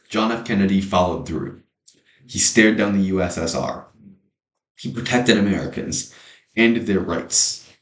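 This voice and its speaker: Deep-voiced man giving an earnest speech. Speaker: speaker giving a prepared speech. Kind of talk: prepared persuasive speech. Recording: echoey room.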